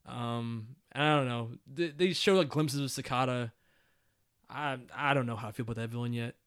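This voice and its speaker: A young man co-hosting a casual chat, animated and blunt, swearing often and laughing a lot. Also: mid-range voice, normal speed, clean tone. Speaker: podcast co-host.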